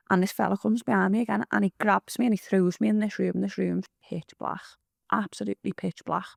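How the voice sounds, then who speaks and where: A woman's voice: lowish voice, vocal fry, dry recording, clean studio sound. A woman giving blunt, rambling testimony, swearing freely as she tells her story. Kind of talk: candid storytelling.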